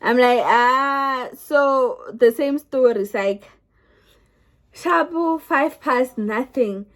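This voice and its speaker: A woman's voice: fairly high pitch, slow pace. A young South African woman telling her own story to the camera in a chatty way, often restarting her sentences. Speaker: vlogger.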